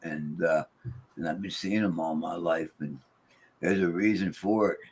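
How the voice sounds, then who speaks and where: A paranormal investigator chats casually about ghost box sessions, rambling with many restarts and quoting the voices he hears. His voice sits low, steady, and a little mellow, at a slightly slow pace, with a little hiss or hum in the recording.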